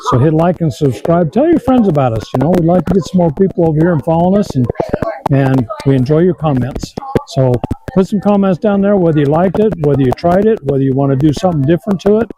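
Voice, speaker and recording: A man hosting an outdoor cooking vlog, talking in a relaxed, folksy way while he works on a windy campsite. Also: a little high, fast talker. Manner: relaxed, folksy, thinking aloud. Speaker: cooking channel host. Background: wind noise.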